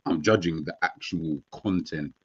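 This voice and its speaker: A man on a podcast who calmly and steadily explains his view. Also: extremely low pitch, unhurried, breathy edge. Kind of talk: casual podcast chat. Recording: dull lo-fi sound.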